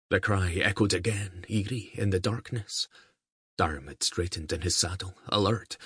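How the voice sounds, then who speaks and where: Male audiobook narrator, deep husky voice, calm even delivery, dry close recording. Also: no echo.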